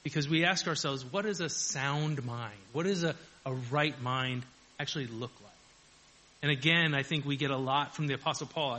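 A man's voice: fairly high pitch, bright, forceful tone, poor audio. A man preaching a conversational sermon, chuckling often and acting out quoted voices. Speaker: pastor.

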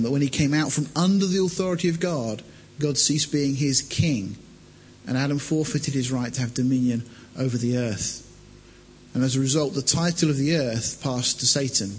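A man preaching a measured sermon, reading scripture aloud and explaining it. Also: mid-range voice, a little hiss or hum. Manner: measured expository preaching, reads scripture aloud then comments. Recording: long hall reverb.

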